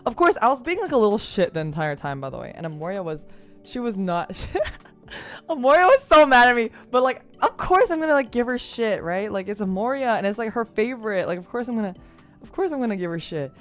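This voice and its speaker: A woman's voice: a little high, fairly quick. Young woman, casual storytelling, laughs a lot, swears, faint music underneath. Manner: animated, laughing, swears freely. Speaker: streamer.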